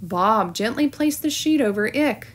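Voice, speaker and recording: Slow, expressive woman reading a storybook. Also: on the high side. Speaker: teacher. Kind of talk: storybook read-aloud.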